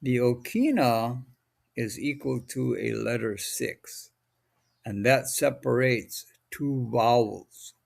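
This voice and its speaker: A man from Hawaii giving a recorded language lesson, slow, deliberate and patient, drawing out each sound. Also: mid-range voice, fairly even intonation, gravelly. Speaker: language teacher.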